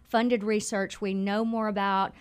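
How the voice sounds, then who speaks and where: A woman's voice: medium pitch, little pitch movement, a little slow, clean tone. Informative woman guest, Mississippi accent. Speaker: nonprofit executive guest. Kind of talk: radio interview.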